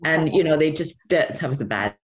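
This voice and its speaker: A middle-aged woman in an interview, talking casually and telling stories. Her pitch rises and falls a lot as she goes, and she laughs often. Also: fairly quick. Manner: chatty, animated storytelling with laughs. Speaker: guest actress.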